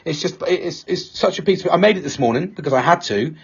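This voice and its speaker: A man's voice: on the high side, expressive, fast talker, creaky, slightly rough, muffled recording. A man co-hosting a casual podcast chat, rambling and swearing freely, with a tension headache. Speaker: podcast co-host.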